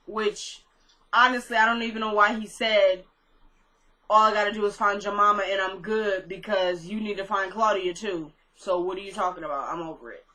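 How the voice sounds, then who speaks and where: Woman, casual recap vlog, chatty, animated, bright voice. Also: medium pitch, poor audio. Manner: chatty, animated, retells scenes with quoted lines. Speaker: TV recap vlogger.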